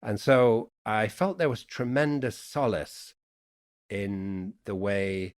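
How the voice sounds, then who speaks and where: A middle-aged man with a mixed Yorkshire, Irish and American accent, speaking in an unhurried, thoughtful way as a guest poet in a reflective conversation. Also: fairly low pitch. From England, Yorkshire.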